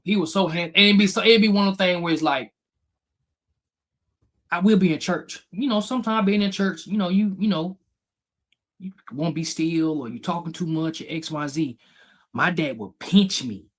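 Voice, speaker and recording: A man's voice: fairly high pitch, moderate pace, slightly rough. A man co-hosting a podcast, telling frank, profane stories about his childhood in casual chat. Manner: candid storytelling, profane, animated. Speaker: podcast co-host.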